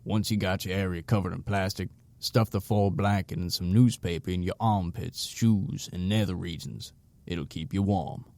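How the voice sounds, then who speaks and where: Guy putting on a raspy old southern drifter, folksy and gruff, deep gritty voice. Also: fairly even intonation, normal speed, darkish tone. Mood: gruff advice. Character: older toothless homeless man, gruff, folksy.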